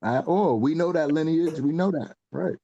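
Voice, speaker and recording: Calm man giving short agreeing replies. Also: fairly high pitch, moderate pace, vocal fry, dry recording, lo-fi sound. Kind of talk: casual debate.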